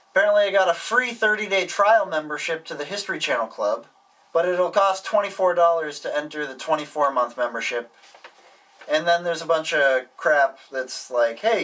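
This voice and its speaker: A man's voice: fairly high pitch, a bit bright, distant mic. A man vlogging as he opens and reads his fan mail aloud, wry and offhand, swearing casually. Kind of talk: casual vlog, reading letters aloud.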